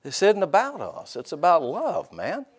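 A man's voice: fairly high pitch, huge pitch swings, normal speed, slightly rough. A middle-aged man preaching a sermon in a church, folksy and joking, with frequent amens and hallelujahs. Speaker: pastor.

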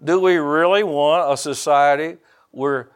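A man's voice: a little high, measured pace, smooth. An older man, a pastor preaching a folksy, joking sermon and calling out to his congregation.

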